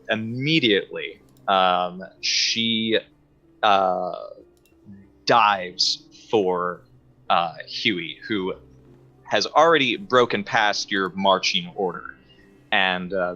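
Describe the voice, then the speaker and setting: A man narrating a tabletop game as game master, halting with many fillers. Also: low-pitched, fairly even intonation, bright, forceful tone. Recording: slightly dull audio with faint music.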